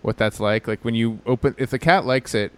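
A man's voice: mid-range voice, fairly quick, fairly bright tone, clean tone. A man co-hosting a podcast, chatting casually in a rambling, hesitant way full of restarts and fillers. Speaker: podcast co-host. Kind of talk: casual chat.

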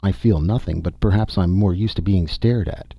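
Guy doing a calm wry space lady, husky, kinda muffled dry sound. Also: sits low, moderate pace, no echo.

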